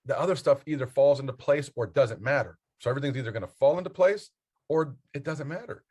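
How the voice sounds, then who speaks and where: A man's voice: medium pitch, darkish tone, breathy edge. Earnest motivational man on a podcast. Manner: earnest, motivational, spells out acronyms. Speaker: basketball coach and mentor. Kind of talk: podcast guest talk.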